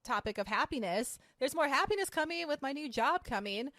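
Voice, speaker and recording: A woman's voice: high-pitched, animated, fairly quick, a bit bright, no room sound, studio quality. A woman co-hosting a podcast in casual chat, bubbly and chatty, laughing often. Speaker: podcast co-host.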